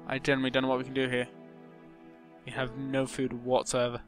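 A man's voice: medium pitch, completely flat delivery, a little fast, long pauses. A young man talking through a game he is playing, chatty and self-mocking, humming and muttering to himself as he goes. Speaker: gaming YouTuber. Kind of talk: casual gameplay commentary. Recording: music playing behind.

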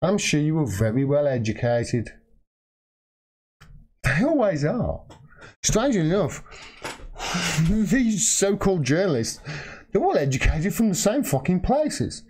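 An outraged man rants to his livestream audience, cursing freely and pressing every point with heat. His voice sits a little high and swings across a very wide range, dropping low in disgust, then shooting up in exasperation. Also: big pitch swings, unhurried, long pauses, darkish tone, slightly rough. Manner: angry, profane, heated and emphatic. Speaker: political video commentator. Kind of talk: livestream rant.

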